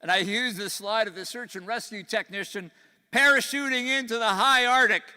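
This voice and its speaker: An older man, Canadian with a slight Texas twang, gives an earnest, folksy keynote, dropping low and quiet on grave points. His voice is high for a man and bright, with a smooth, clear tone. Long reverb from the large conference hall trails each phrase. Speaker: conference speaker. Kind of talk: keynote speech. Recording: echoey hall.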